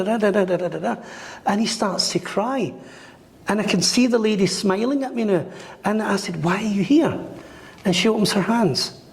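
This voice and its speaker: Man telling animated stories in an echoey room. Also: high-pitched. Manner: animated, acts out the voices in his stories. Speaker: psychic medium guest. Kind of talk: storytelling in a podcast interview. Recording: roomy with long reverb.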